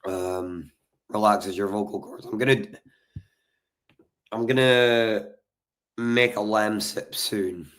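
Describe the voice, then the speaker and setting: A hoarse man chatting on his livestream, his voice nearly gone. He talks slowly and lazily in a low register, swearing freely as he goes. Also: steady tone, a bit bright. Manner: sweary and laid-back. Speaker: streamer. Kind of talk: casual livestream chat.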